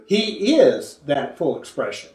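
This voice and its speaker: A man leads a Bible study in an earnest, conversational way, pausing often to cough and clear his throat. His voice sits a little high, and the room adds a noticeable echo. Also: sing-song, a little mellow. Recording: echoey room.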